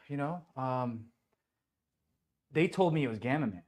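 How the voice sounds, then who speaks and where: A man who voices a superhero, chatting as an interview guest in an office, telling lively stories, acting out what people said and laughing often. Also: on the high side, moderate pace. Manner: animated storyteller who acts out quotes and laughs often. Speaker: voice actor guest. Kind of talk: casual interview chat. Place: indoors at a toy company office.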